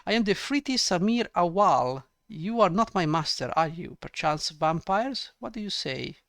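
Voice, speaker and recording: A man's voice: high-pitched, animated, moderate pace, fairly bright tone, no echo, clean studio sound. A man reading out the lines of a haughty genie spirit from a bottle in formal, archaic phrasing.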